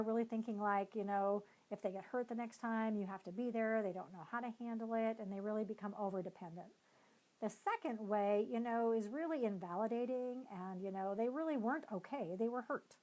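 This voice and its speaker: A woman's voice: a little high, a little mellow, low-quality recording. A woman who is a neuropsychologist and team coach, giving a live-streamed motivational talk in a conversational, explanatory way with frequent hedging fillers.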